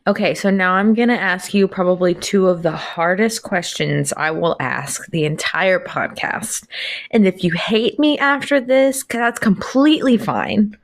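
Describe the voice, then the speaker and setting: Slow-talking woman podcast host. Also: mid-range voice. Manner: warm, agreeable, frequent affirming murmurs. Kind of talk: casual podcast interview.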